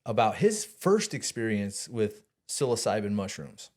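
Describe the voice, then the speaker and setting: A man guest telling a long personal story in casual talk, animated, swearing and restarting often. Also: on the low side, measured pace. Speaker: podcast guest.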